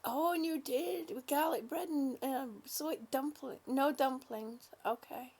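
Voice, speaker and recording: A livestream host chats casually with her audience, taking her time as she reads their comments aloud. She sounds high-voiced and affectionate, calling people honey and sweetie.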